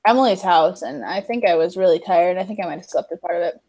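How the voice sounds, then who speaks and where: A woman's voice: fairly low pitch, fast, warm tone. A young woman chatting on a livestream while she edits video, telling stories with lots of laughs and quoted lines. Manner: bubbly storyteller, laughs often, acts out quotes. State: chewing cookies. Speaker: livestream co-host. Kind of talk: casual chat while video editing.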